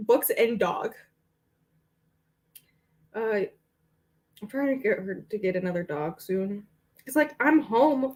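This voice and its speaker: Young female vlogger, slightly high voice, rambling casual chat with fillers. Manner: rambling and chatty, with frequent fillers and laughs. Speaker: book vlogger.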